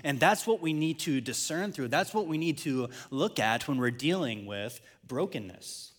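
A man's voice: fairly high pitch, moderate pace, slightly rough, in a large hall. Man preaching a sermon. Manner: storytelling, rising to excited peaks. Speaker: pastor.

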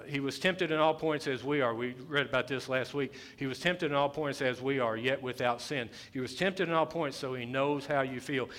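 A male pastor preaching a sermon, repeating his phrases and rising to loud, emphatic bursts. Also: medium pitch. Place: church sanctuary.

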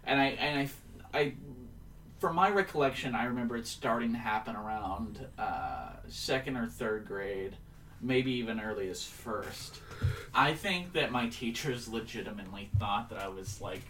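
A man's voice: mid-range voice, lively intonation, fairly bright tone, far from the mic, a little hiss or hum, low-quality recording. Rambling young man, slightly off mic. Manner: rambling, halting storyteller with many fillers. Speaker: podcast guest. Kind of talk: casual chat.

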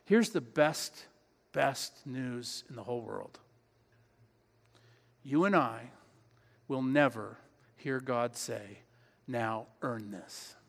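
A man's voice: mid-range voice, slow pace, vocal fry, long pauses. Earnest preaching man in a reverberant church. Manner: earnest preaching, emphatic repetitions. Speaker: pastor. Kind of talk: sermon. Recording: long hall reverb.

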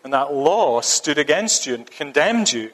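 A man's voice: fairly high pitch, big pitch swings, a little slow. A man preaching a sermon, earnest and emphatic, often repeating a phrase for stress. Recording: long reverb of a church hall.

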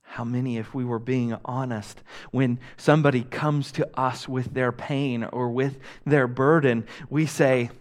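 A young man preaching a sermon with earnest emphasis, rising loud on key phrases and dropping to a hush on others. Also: medium pitch, fairly even intonation, a little slow. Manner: earnest preaching, swings between loud emphasis and soft hushed lines. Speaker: pastor.

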